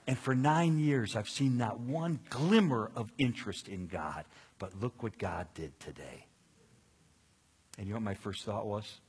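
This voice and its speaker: A man's voice: fairly low pitch, measured pace, slightly rough. A middle-aged man preaching a sermon, telling stories and acting out the voices of people in them, with frequent restarts. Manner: animated, acts out quoted voices, restarts often. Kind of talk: sermon storytelling.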